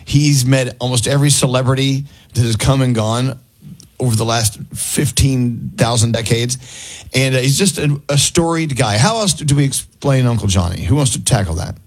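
A middle-aged man hosting a morning radio show, chatty and quick to laugh. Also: mid-range voice, low-quality recording. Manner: chatty, jokey, laughs easily. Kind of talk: casual radio chat. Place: radio studio.

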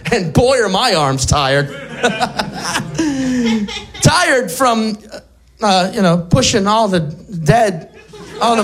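A man doing a stand-up set, dark deadpan humor, laughing at his own jokes. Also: sits high. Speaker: stand-up comedian.

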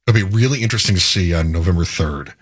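A man co-hosting a political talk radio show, musing aloud with halting restarts. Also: deep voice, expressive, breathy edge. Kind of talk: casual political chat.

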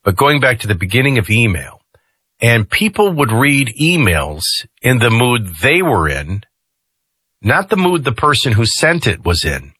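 A man's voice: mid-range voice, big pitch swings, unhurried, pushed and bright, husky, no room sound. A man hosting a talk radio show, giving conversational commentary with jokey asides into a studio mic.

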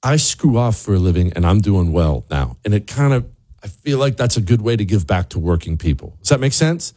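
A man's voice: fairly low pitch, big pitch swings, fairly quick, mellow. A man hosting a talk show, delivering a sarcastic, ranting commentary monologue that drifts into asides. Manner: wanders off on asides.

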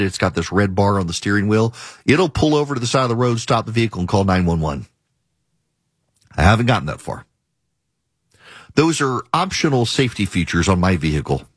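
Husky man ranting on talk radio. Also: mid-range voice, no echo, clean studio sound. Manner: emphatic, argumentative, repeats points. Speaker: radio talk show host. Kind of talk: opinionated monologue.

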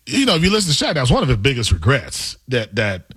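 A man co-hosting a sports radio show, animated and playful in casual banter. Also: medium pitch, fast, breathy edge.

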